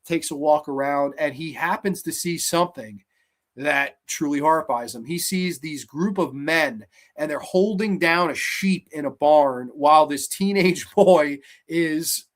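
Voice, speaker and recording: A man hosting a horror movie show, retelling a film's plot in an energetic, animated way with fillers. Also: a little high, a little slow. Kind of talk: casual movie review.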